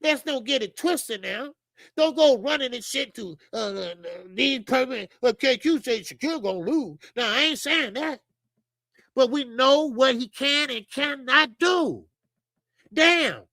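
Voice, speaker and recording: A high-pitched woman with a bright, sharp voice hosting a boxing show, recorded close and dry. She delivers blunt, profane commentary full of rhetorical questions, talking straight to her viewers. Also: lively intonation, takes it slowly, no room sound, rough recording. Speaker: boxing channel host. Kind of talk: opinionated commentary monologue.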